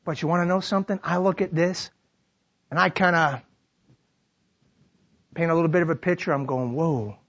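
Husky, animated preacher man. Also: on the high side, moderate pace, pauses often. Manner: animated, acts out quoted lines, drops to a hushed tone for reflection. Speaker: pastor. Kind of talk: sermon. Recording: dull lo-fi sermon recording.

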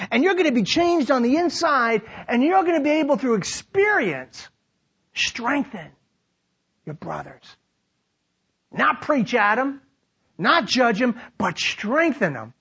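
A man preaching a sermon, animated, acting out quoted lines and dropping to a hushed tone to reflect. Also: very high voice, measured pace, husky. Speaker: pastor. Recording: dull lo-fi sermon recording.

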